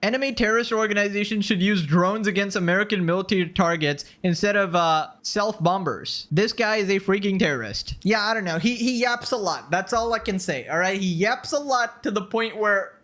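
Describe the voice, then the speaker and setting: A man's voice: high voice, brisk, hardly any pauses, a bit bright. A man doing online clip commentary in a mocking, sarcastic way.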